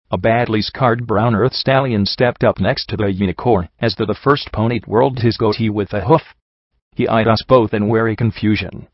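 A man narrating a first-person story in a steady, even storytelling manner. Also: on the low side, moderate pace, no echo. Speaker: audiobook narrator. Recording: dull lo-fi recording.

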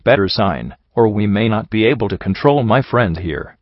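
Man voicing unicorn slaver, smooth, falsely reasonable, low voice, dry sound. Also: expressive, normal speed, no echo, highs cut off. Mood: coaxing. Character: smooth-talking male unicorn slaver, coaxing.

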